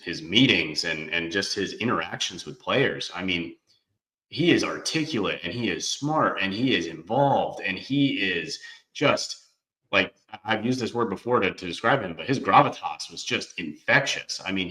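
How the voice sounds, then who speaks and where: A man with a very low voice that still cuts through with a bright, forceful edge hosts a casual sports chat. He talks enthusiastically, stacking phrases for emphasis. He sits a little away from the microphone. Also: far from the mic, low-quality recording. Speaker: sports podcast host.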